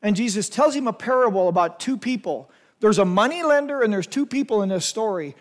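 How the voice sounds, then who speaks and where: A man's voice: high-pitched, lively intonation, fairly quick. A youth pastor, a man retelling a scripture story vividly and speaking straight to young listeners. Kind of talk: storytelling sermon to a youth group.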